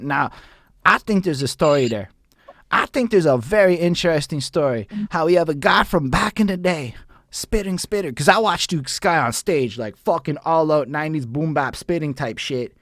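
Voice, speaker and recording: A man, hosting a livestreamed interview in an excited, rambling way with plenty of swearing. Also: fairly high pitch, no echo, clean studio sound. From Montreal, Canada. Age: 30s. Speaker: host.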